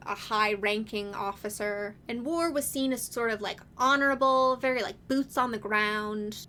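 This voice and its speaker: A woman's voice: on the high side, a bit bright, slight background noise. A woman hosting a casual video essay, talking in a chatty, wry way with lots of casual fillers.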